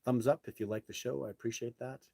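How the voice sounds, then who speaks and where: A man's voice: mid-range voice, fairly even intonation, fast talker, vocal fry, dark tone, no room sound. A man hosting a casual live stream, reading viewer comments and telling blunt, brash stories. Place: home setup, speaking to a phone.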